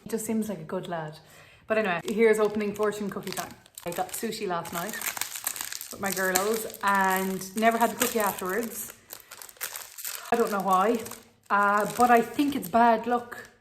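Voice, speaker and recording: A woman's voice: medium pitch, steady tone, moderate pace, background noise. A young woman with an Irish accent, chatting to camera in a rambling, self-mocking way. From Ireland. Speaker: vlogger. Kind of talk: casual chat to camera.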